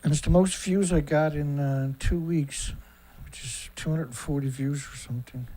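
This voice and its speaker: Middle-aged man host, slightly high voice, casual rambling livestream talk, blunt and profane. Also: steady tone, moderate pace, warm tone. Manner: rambling with frequent fillers and asides. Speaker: host of a daily news livestream.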